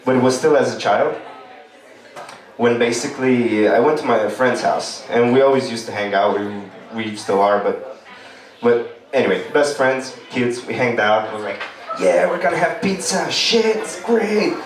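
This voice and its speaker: A man's voice: medium pitch, fairly even intonation, moderate pace. Man doing stand-up, echoey and distant. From Romania. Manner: loose, rambling storytelling. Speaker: stand-up comedian. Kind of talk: stand-up comedy. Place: comedy club stage, indoors. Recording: echoey room, distant mic.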